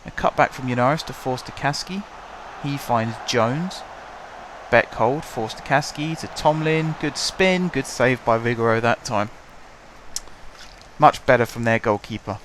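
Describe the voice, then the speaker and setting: A young man with a hoarse voice, chatting casually and calling the action play by play as he commentates his own football management game at home. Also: medium pitch, unhurried, background noise. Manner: chatty, wry, calls the match play by play. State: hoarse from shouting. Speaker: gaming channel host.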